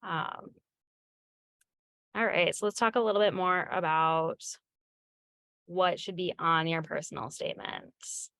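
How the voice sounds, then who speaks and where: A woman moderating a webinar over a video call, briskly affirming the panelists and moving on to the next topic. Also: fairly low pitch, steady tone, fairly bright tone, no room sound.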